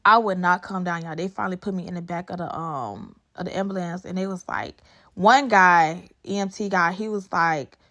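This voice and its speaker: A woman's voice: lowish voice, moderate pace, fairly bright tone. A woman in her twenties, a beauty vlogger telling a storytime to camera in a chatty, emphatic way and addressing her viewers directly. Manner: chatty, emphatic, talks to viewers as y'all and girl.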